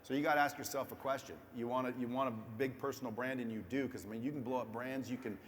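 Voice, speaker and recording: A man's voice: mid-range voice, fairly even intonation, quick pace. A man as an interview guest giving casual business advice, blunt and profane, speaking straight to viewers. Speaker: guest entrepreneur. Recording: echoey room with faint background noise.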